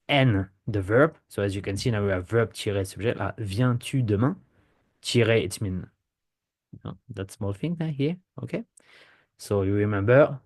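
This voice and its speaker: A man who speaks natively, teaching a casual language lesson in English. He explains patiently, repeats himself for emphasis, and demonstrates questions with a clear rising tone. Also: fairly low pitch, a little mellow. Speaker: French teacher.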